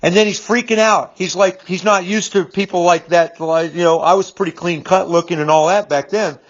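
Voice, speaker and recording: A man in his fifties talks through a personal story in a loose, rambling way, often stumbling over his words, repeating them and filling pauses. His voice sits fairly high for a man. The recording sounds dull and lo-fi. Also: fairly even intonation. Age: 50s. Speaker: business speaker. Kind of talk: casual storytelling monologue.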